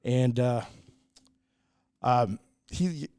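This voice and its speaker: He speaks very slowly, his mid-range voice a little mellow and smooth, in studio-quality audio with no room sound. A middle-aged brewery owner from the United States, he earnestly recounts stories in a casual podcast interview, dropping many "uh"s and acting out quoted people.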